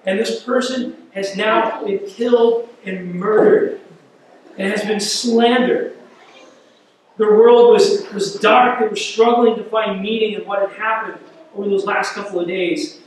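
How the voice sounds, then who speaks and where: A man's voice: sits high, steady tone, a little slow, a little hiss or hum. A man preaching a sermon as pastor, retelling a scripture story vividly and repeating words as he builds intensity. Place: church. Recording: echoey church hall, mic at a distance.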